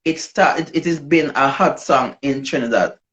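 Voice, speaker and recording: A woman with a Jamaican accent, a dancehall artist telling her story in a casual interview, animated and slipping into patois. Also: deep voice, normal speed. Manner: animated, switches into patois, acts out quoted voices. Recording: dull lo-fi recording.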